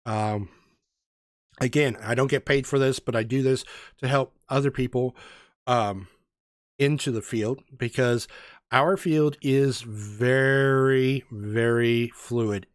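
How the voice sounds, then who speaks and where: A man's voice: mid-range voice, slow, no echo, clean studio sound. A man co-hosting a casual chat, telling funny stories and acting out the people in them. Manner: animated storyteller, acts out voices. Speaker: podcast co-host.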